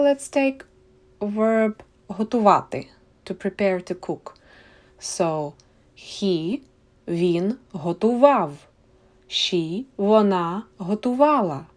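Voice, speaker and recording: Slow, mellow-voiced woman teaching. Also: medium pitch. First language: Ukrainian. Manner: patient, repeats words slowly for learners. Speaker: language teacher. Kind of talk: slow, clear explanatory lesson.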